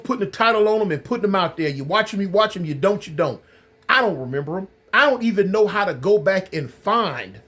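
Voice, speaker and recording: A man casually telling his viewers a story in a rambling way. He uses loose slang and repeats his phrases. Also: high-pitched. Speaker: channel host recounting prison life.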